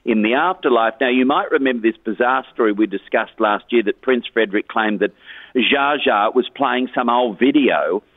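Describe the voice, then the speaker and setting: A man's voice: medium pitch, moderate pace, no echo. A man giving a chatty, gossipy entertainment report on a radio show, chuckling as he goes. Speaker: entertainment news contributor. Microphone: phone line. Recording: tinny phone line on radio.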